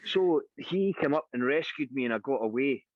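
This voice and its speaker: A Scottish singer being interviewed, telling anecdotes in a casual, animated way and acting out the voices of the people in them. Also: male voice, mid-range voice, normal speed, dry recording. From Scotland. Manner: lively anecdotal storyteller, acts out quoted voices. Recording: dry, dull lo-fi sound.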